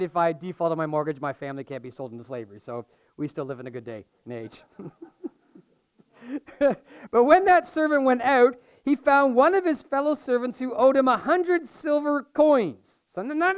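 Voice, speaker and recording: A male pastor giving a sermon, reading scripture and explaining it in a conversational, animated way with humorous asides. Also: high-pitched, clear, resonant tone, no room sound.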